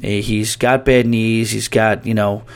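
A podcast host talks casual sports in a fairly low, flat, smooth voice, taking his time. He rambles, often restarting sentences midway, and reads listener email aloud.

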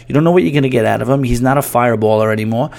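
A man's voice: medium pitch, very fast, creaky, a little mellow. A man hosting a podcast, talking casually and rambling, often restarting his sentences. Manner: rambling, restarts mid-sentence, reads listener email aloud. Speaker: podcast host. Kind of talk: casual sports talk.

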